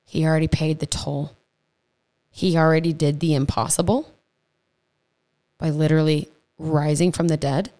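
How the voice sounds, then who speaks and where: A woman with a low, deep voice hosts a casual faith podcast. She teaches in a chatty, earnest way, stumbling over words and tossing in quick asides as she goes. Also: fairly even intonation, dark tone. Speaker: podcast host. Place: home podcast setup.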